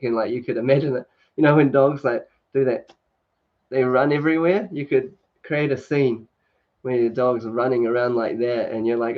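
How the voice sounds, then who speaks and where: A livestream host speaks at normal speed in a medium-pitched, steady voice, chatting casually, reading comments, laughing, and using many fillers. He's indoors at home in sunshine, with dull lo-fi stream audio.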